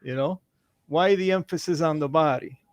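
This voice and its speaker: A male guest in a casual spiritual chat, talking haltingly with many repeated words and restarts. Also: a little high, no room sound.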